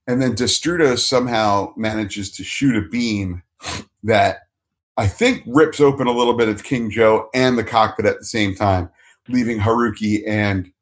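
A man co-hosting a podcast from home, recapping a TV episode in a relaxed, animated way. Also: fairly low pitch, moderate pace. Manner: animated recapping, acts out quotes. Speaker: podcast co-host. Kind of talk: casual chat.

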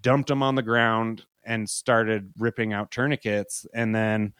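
A man's voice: lowish voice, level tone, unhurried, a bit bright, smooth, no echo, clean studio sound. A young man, a podcast guest, telling a story in a loose, profane way with lots of "like". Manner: loose and profane, heavy use of "like". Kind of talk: casual spoken storytelling.

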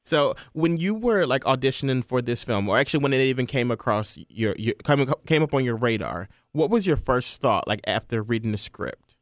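A man's voice: medium pitch, animated, a little fast, no room sound, studio quality. A man hosting a casual interview, talking in an eager, gushing way with many fillers. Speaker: interview host.

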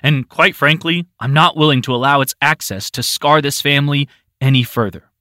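A man's voice: fairly high pitch, normal speed, sharp tone, no echo, voice pushed up. A man doing Rick, a bitter stern brother. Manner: stern, clipped, sarcastic.

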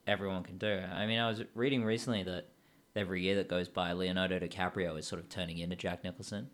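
Male podcast host, very low voice, relaxed conversational delivery. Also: quick pace. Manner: conversational, loose with fillers. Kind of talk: casual podcast chat.

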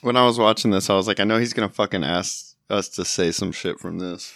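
A man's voice: low-pitched, fairly quick, gravelly, a bit bright, no echo, clean studio sound. A man co-hosting a podcast in casual chat, wry and swearing freely. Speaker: podcast co-host.

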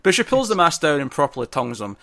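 A man talking films in casual conversation, his voice bright and forward, and he keeps cutting in with eager restarts. He sounds lively and keen to make his point. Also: a little high, quick pace. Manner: animated, jumps in often, stumbles and restarts. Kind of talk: casual film discussion.

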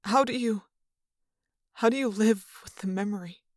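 A woman voicing a grieving male android, speaking quietly and haltingly in an audiobook reading. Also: medium pitch, dry recording, clean studio sound, close to an everyday voice. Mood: haunted.

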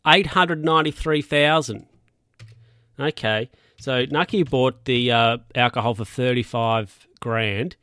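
A man's voice: medium pitch, unhurried, bright, forceful tone, clean tone, no room sound. A man, casually recapping a TV show in a rambling, sweary way. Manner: rambling, sweary, chuckles often.

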